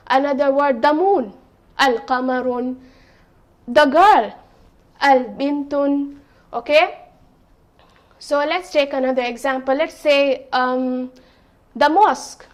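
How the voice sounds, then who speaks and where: A woman with a high voice gives a beginner's language lesson. She talks slowly and patiently, repeating each point and often checking with "okay?". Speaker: Arabic teacher. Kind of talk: slow classroom explanation.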